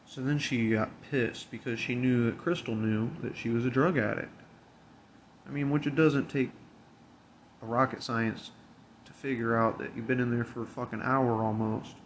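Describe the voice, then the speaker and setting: A man's voice: mid-range voice, fairly even intonation, moderate pace, a little hiss or hum. Blunt, profane man telling a story. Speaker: convenience store worker. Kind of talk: casual storytelling.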